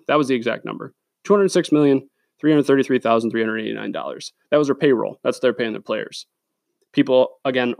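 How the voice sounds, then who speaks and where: Man, podcast host, creaky voice, dry close mic, opinionated and profane. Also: mid-range voice, no echo. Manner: blunt, profane, opinionated, with many fillers. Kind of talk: solo sports podcast rant. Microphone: studio microphone.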